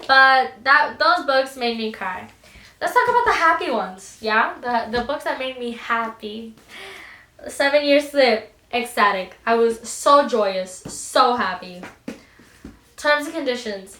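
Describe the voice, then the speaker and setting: A woman chatting casually in a book vlog, gushing and animated, with many fillers and restarts. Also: fairly high pitch, a little slow, roomy sound, far from the mic, slight background noise. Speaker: book vlogger.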